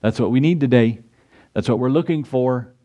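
A man's voice: medium pitch, normal speed, mellow, lo-fi sound. A man preaching a sermon as pastor, emphatic and full of rhetorical questions, acting out the voices he quotes.

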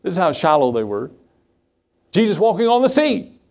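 Pastor, male, fairly high voice, animated sermon, acts out the quotes. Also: normal speed, vocal fry. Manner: conversational asides and rhetorical questions.

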